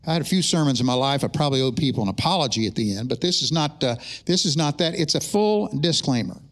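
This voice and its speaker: A middle-aged man, a pastor, praying and then preaching an animated sermon with humorous asides to his congregation in a church. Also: medium pitch, fast. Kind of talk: sermon with opening prayer. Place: church sanctuary during a service.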